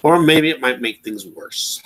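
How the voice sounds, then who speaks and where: A man talks loosely over his screen as he clicks through videos, grumbling at a slow computer. His pitch sits in the ordinary middle range for a man. He rambles from one topic to the next. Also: lively intonation, a bit bright, low-quality recording. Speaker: channel host. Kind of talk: casual commentary while browsing videos.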